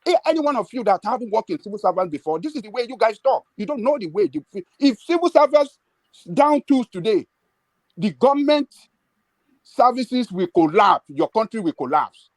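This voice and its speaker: A man's voice: sits high, moderate pace, dry recording. A man, debating insistently and cutting in on the other speaker. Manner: animated, insistent, interrupting. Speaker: debate panelist. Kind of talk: heated debate.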